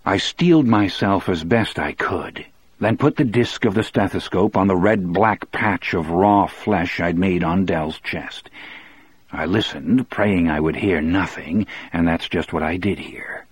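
A man with a husky voice reading a first-person audiobook in a measured, reflective way. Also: deep voice. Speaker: audiobook narrator.

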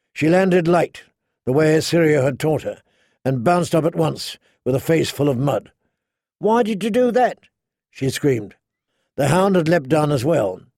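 A man reading a fantasy story aloud as narrator, measured and slowing down for dramatic emphasis. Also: a little high, darkish tone, no echo, clean studio sound. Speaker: audiobook narrator.

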